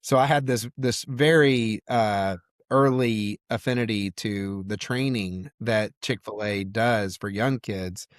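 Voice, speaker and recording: A man's voice: fairly low pitch, takes it slowly, no echo, studio quality. A man from Georgia, a podcast guest, telling a casual story with lots of fillers. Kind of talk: storytelling in a conversation.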